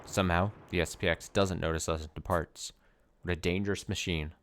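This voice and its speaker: Low-voiced guy reading out a game's text, steady and plain. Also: fairly quick, a little hiss or hum. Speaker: let's play narrator. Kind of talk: reading game text aloud.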